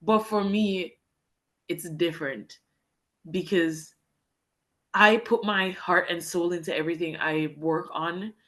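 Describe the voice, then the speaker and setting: A woman's voice: lowish voice, fairly even intonation, takes it slowly, long pauses, fairly bright tone. A young woman from Jamaica, a guest telling a heartfelt personal story about teaching English in Japan. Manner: earnest and heartfelt, talks in long winding sentences. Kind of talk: candid personal storytelling in a podcast interview.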